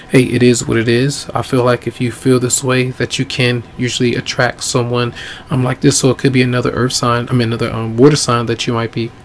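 A man giving a casual tarot reading, easygoing and rambling, his voice going hoarse. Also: medium pitch, slight background noise. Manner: easygoing, rambling with many ums. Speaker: tarot reader.

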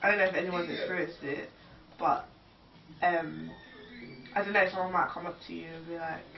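A woman's voice: lowish voice, steady tone, normal speed, creaky, highs cut off. Chatty young woman in an echoey room. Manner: chatty, fills with "like". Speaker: panel guest. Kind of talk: casual group chat. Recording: echoey room, far from mic.

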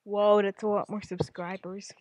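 Lady rambling through a reaction vid, casual chat, average pitch. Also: level tone, moderate pace, a little mellow. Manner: rambling, jumps between topics. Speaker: YouTuber reacting to videos.

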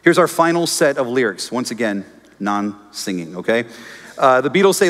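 Animated male pastor preaching in a reverberant church. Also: medium pitch, moderate pace. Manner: animated storytelling, acts out quoted voices, jokes with congregation. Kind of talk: sermon. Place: church auditorium. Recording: long reverb of a church hall.

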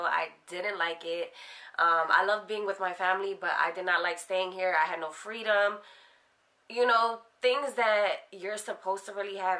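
A woman's voice: lowish voice, pushed and bright. A young adult woman frankly recounting her own life story in a casual interview, full of fillers. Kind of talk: candid personal storytelling.

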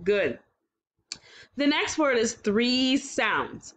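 Lady teacher doing phonics for little kids, super slow, a bit high, sounds out every letter. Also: expressive, a bit bright, highs cut off. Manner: sounds out words slowly, cheerful praise. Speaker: kindergarten teacher. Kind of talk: slow, clear phonics lesson for young children.

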